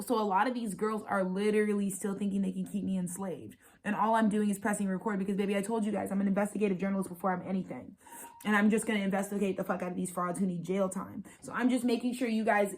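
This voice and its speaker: A young woman in her twenties giving an unscripted spiritual vlog monologue, fast, profane and emphatic, repeating her points. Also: mid-range voice. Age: 20s. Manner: rapid, profane, emphatic and repetitive. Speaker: astrologer and spiritual channeler.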